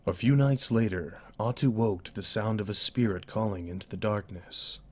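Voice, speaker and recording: A man narrating a novel aloud in a live-streamed dry reading, deliberate and with occasional self-corrections. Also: lowish voice. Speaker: audiobook narrator.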